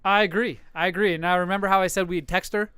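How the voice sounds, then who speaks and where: A man with a high, smooth voice co-hosts a casual podcast and likes to provoke people, swearing freely and laughing a lot. His voice is recorded dry and close, with no room sound. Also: fairly even intonation, fast, pushed and bright, no room sound. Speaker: podcast co-host.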